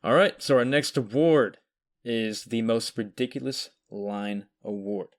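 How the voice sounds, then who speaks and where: A man's voice: medium pitch, unhurried. A man hosting a podcast, announcing award nominees and winners in a plain emcee style. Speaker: podcast host presenting awards.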